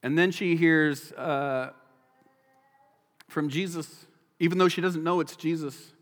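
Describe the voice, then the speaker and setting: A man preaching a sermon as pastor, animated, acting out the people in the story. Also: a little high. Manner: animated, acts out the people in the story in quick voices. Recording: long hall reverb.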